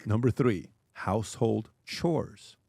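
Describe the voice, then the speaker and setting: A man's voice: lowish voice, slow, vocal fry, darkish tone, dry recording, clean studio sound. A male host in casual chat, reading an article aloud with jokey asides and stumbles.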